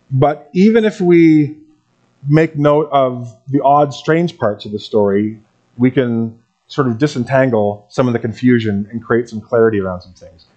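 A man pastor reading a Bible passage aloud and then preaching in a relaxed, conversational way to his congregation. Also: mid-range voice. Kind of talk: sermon.

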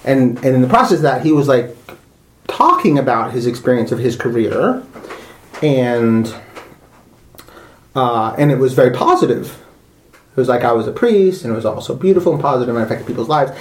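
A man's voice: medium pitch, lively intonation, fairly quick, pauses often, a little hiss or hum. A slightly intoxicated man in casual conversation, heated and profane, who keeps apologizing. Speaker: guest. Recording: roomy echo.

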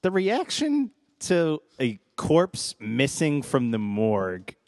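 A man's voice: mid-range voice, wildly swooping pitch, takes it slowly, no echo, studio quality. A man co-hosting a podcast, casually chatting about a TV show with wry questions and short reactions. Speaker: podcast co-host.

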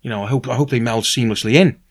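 A Welsh man being interviewed as a novelist, speaking in a lively, earnest way with many restarts. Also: mid-range voice, quick pace. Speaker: novelist guest. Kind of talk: casual conversational interview.

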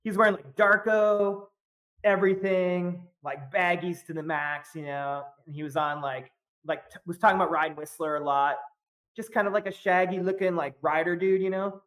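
A man's voice: high voice, steady tone, moderate pace, a bit bright. A man on a podcast as a guest, telling a story in casual chat, full of fillers and breaking into laughs often.

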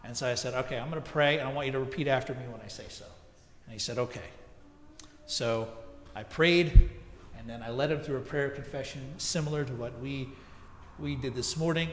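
A man's voice: mid-range voice, a little fast, slight background noise. A man preaching a sermon as pastor, telling a story in a conversational way with frequent asides. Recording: echoey church hall.

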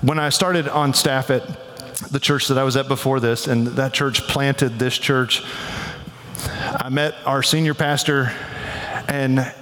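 A man's voice: mid-range voice, steady tone, a little slow, long pauses, a bit bright, long reverb tail. A man preaching a sermon in a church, casual and conversational, often saying "like". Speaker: pastor.

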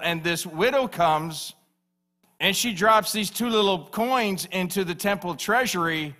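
A man's voice: high-pitched, bright, forceful tone. A man preaching a sermon as pastor, emphatic and repeating phrases for stress.

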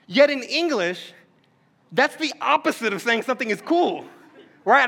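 Bright, high-voiced casual male pastor. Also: expressive, fairly quick, gravelly. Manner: casual, joking preacher talk with slang. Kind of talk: sermon.

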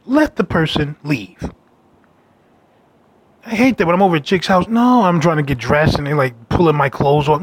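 A man telling a rambling story about a date in a brash, casual monologue with loud asides. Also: a little high, normal speed, long pauses, husky, no echo. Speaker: dating storyteller.

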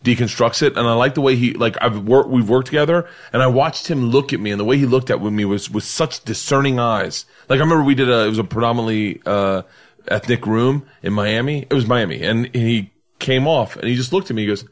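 A man hosting a podcast, chatting casually with friends and laughing a lot, his voice leaping up high when excited. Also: a little fast. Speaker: podcast host. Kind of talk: casual chat.

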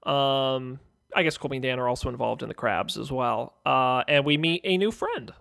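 A man's voice: mid-range voice, moderate pace, gravelly, fairly bright tone. A man co-hosting a podcast in casual chat, easygoing and jokey as he plugs the show. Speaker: podcast co-host.

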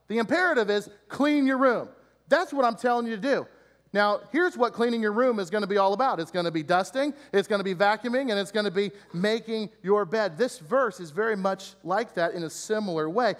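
A man's voice: high-pitched, animated, a little fast, big-room sound. A male pastor preaching a sermon in a church, earnest and explanatory, building emphatic repeated lists.

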